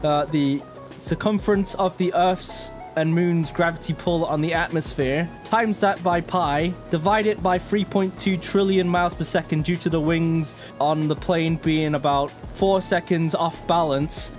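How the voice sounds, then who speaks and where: A young man streaming a flight game, joking and reacting loudly, swinging between mock calm and yelling. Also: fairly high pitch, unhurried, soft background music. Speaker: gaming streamer. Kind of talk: live gameplay commentary.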